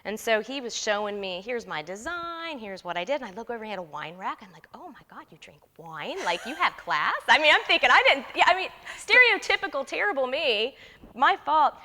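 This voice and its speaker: Bright-voiced woman in her 30s telling a story, laughs a lot, reverby room. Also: fairly high pitch, a little fast. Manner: lively, laughing, acts out quotes. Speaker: interview guest. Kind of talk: animated storytelling.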